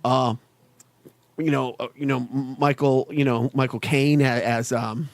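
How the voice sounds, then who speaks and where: A man's voice: medium pitch, flat delivery, a little slow, no echo. A man co-hosting a podcast in casual chat, rambling and enthusiastic as he retells movie scenes. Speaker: podcast co-host.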